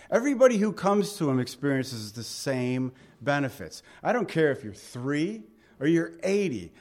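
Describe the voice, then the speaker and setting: A middle-aged male pastor preaching a conversational sermon, often asking his listeners questions. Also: on the high side. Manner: conversational, asks the congregation questions.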